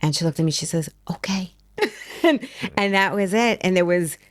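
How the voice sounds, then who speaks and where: A woman's voice: lowish voice, fast talker, no echo, studio quality. A middle-aged woman telling a story in casual conversation as a guest, acting out the quotes as she goes. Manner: animated, acts out quotes.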